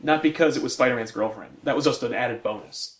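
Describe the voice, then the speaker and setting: A man's voice: medium pitch, fast. A man co-hosting a casual comic book podcast, ranting and swearing with laughter. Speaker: podcast co-host.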